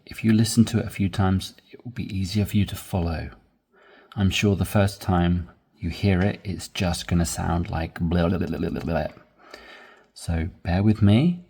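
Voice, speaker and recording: Brief: male English teacher, husky tone, unhurried delivery, patient and encouraging. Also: lowish voice, mellow. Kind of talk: spoken English lesson.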